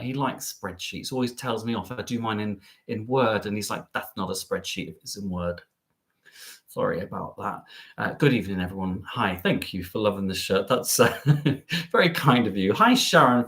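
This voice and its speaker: Bubbly man chatting on a live stream. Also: fairly bright tone. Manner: cheeky, bubbly, jumps up and down in pitch. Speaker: travel vlogger hosting a live stream.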